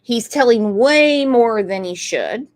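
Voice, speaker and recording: In her casual true crime commentary, a channel host with a fairly high voice and lively intonation takes her time discussing a case. She's chatty and emphatic, circling back to repeat points for emphasis.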